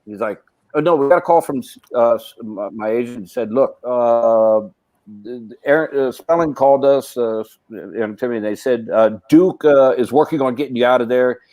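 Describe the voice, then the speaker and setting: A man's voice: mid-range voice, moderate pace, warm tone, no echo, muffled recording. A middle-aged man, a guest actor, telling long casual anecdotes, rambling with many restarts and fillers.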